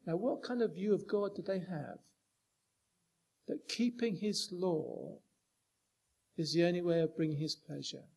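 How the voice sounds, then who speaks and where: High-voiced man preaching a sermon. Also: a little slow, creaky, long pauses, a little mellow. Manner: rhetorical questions, rising emphatic delivery.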